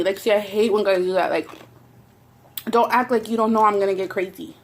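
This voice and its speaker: A woman's voice: mid-range voice, brisk. A young woman with a Southern Californian accent, telling blunt, profane stories while eating for her vlog. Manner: blunt, profane, animated storytelling. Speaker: mukbang vlogger. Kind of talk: casual storytelling while eating.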